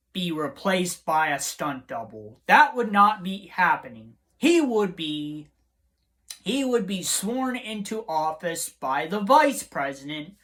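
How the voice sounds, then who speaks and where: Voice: medium pitch, fairly bright tone. A TV reviewer in a vlog, talking bluntly and repetitively and swearing freely.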